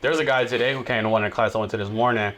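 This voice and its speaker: A male podcast guest in casual chat, telling animated stories and acting out what people said. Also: lowish voice, very fast, a little hiss or hum. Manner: animated storyteller, acts out quotes.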